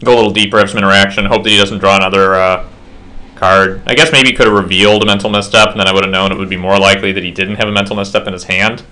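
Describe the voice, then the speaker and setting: Slightly buzzed guy talking over his card game, low voice but bright and forceful, rambly and self-mocking. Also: little pitch movement, racing. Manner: rambling, self-deprecating asides. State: slightly tipsy. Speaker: player commentating his own match. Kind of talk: casual game commentary.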